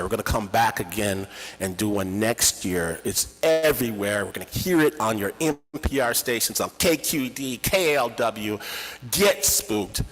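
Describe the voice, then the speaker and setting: A man telling a dramatic, emotional personal story at a slow pace at a live event. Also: fairly low pitch, a bit bright. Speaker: storyteller and podcast host. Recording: reverberant hall.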